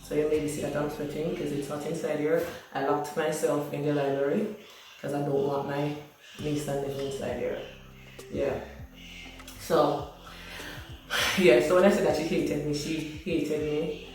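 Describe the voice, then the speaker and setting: A woman's voice: low-pitched, level tone, normal speed, long pauses, darkish tone, far from the mic. A Jamaican woman in her thirties speaks straight to her viewers, earnest and emotional as she recounts her childhood. Her voice rings around a hard, very echoey room and sits a little back from the microphone. Faint music plays underneath. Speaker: vlogger. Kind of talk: personal storytelling to camera. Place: small hot library room at home, indoors.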